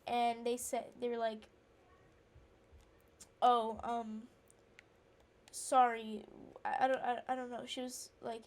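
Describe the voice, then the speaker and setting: A woman tells a long, rambling personal story as she plays, sounding indignant and catching herself with ums and restarts. Her voice sits a little on the high side. Now and then she breaks off to react to the game. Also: level tone, slow, pauses often, darkish tone. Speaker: gamer telling a story while playing. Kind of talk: casual storytelling chat.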